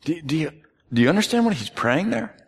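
Male pastor, sermon, earnest, emphatic then hushed, slightly high voice, long hall echo. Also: sing-song, a little fast, slightly rough.

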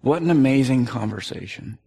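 A man preaching a sermon earnestly, at times emphatic and at times dropping to a hushed, quiet voice. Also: medium pitch, animated, normal speed, gravelly, breathy edge, long reverb tail. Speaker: pastor.

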